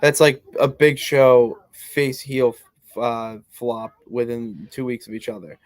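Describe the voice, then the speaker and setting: A man's voice: mid-range voice, steady tone, slow pace, no room sound. A man co-hosting a podcast, chiming in with short, emphatic remarks in casual wrestling chat. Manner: brief, emphatic interjections. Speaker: podcast co-host.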